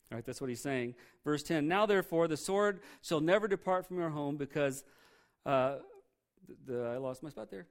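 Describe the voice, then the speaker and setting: A male pastor with a somewhat high voice, delivering a sermon. He moves between scripture reading and plain talk, punching key words loudly and then falling soft and low. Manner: emphatic, swings between loud stresses and quiet drops; reads scripture aloud and explains it conversationally.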